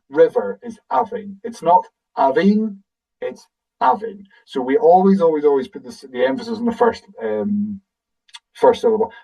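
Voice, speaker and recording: A man's voice: fairly high pitch, gravelly, recorded from a distance, highs cut off. A man with a Scottish accent, a guide explaining things casually in a webinar and thinking aloud as he answers audience questions over a video call.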